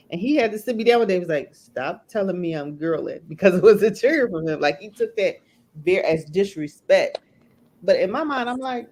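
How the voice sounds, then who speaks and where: A woman's voice: mid-range voice, expressive, fairly quick, a little mellow. A woman host in a casual chat who laughs often and prompts her guests directly.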